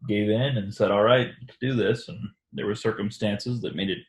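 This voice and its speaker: A man hosting a reflective religious discussion, speaking haltingly with many restarts and fillers. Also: lowish voice, fairly even intonation. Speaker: discussion host. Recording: echoey room.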